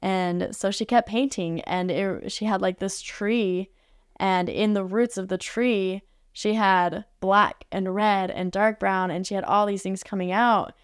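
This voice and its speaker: A woman guest on a podcast recalls an experience in a relaxed, chatty way, filling her sentences with "like". Her voice is smooth and clear and sits at an ordinary middle pitch. The sound is dry and close, with no room echo. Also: a little slow. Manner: chatty, peppered with "like" fillers. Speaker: podcast guest, art facilitator. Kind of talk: casual storytelling. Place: podcast studio.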